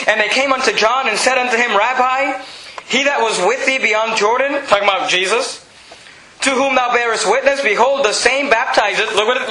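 A man preaching a sermon in a very high, piercingly bright voice. He talks in an animated way, restarts and repeats words, and bursts loud when he acts out quotes. His voice rings through a very echoey church hall. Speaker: pastor.

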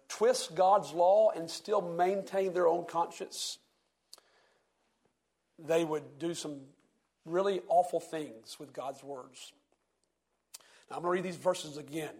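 A man preaching a sermon, slowly reading scripture with heavy emphasis and asking his listeners questions. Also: on the high side, gravelly. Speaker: pastor.

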